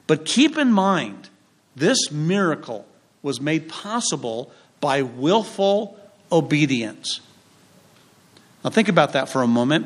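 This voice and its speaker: A man preaching a sermon in a voice that sits a touch higher than most men's. He speaks with emphasis, his delivery swelling and falling with deliberate pauses between phrases. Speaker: pastor.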